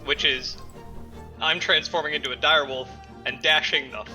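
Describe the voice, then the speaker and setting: A man chatting casually as a player in a tabletop game. His voice is very bright and sharp, and his talk is loose and prone to swearing. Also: on the high side, steady tone, normal speed, soft background music. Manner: loose, swears freely, laughs at himself.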